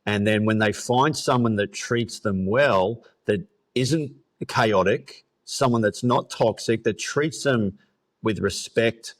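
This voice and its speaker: A man's voice: lowish voice, slow pace. A man hosting a podcast interview, talking loosely with fillers and the odd swear. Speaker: podcast host. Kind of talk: casual interview chat.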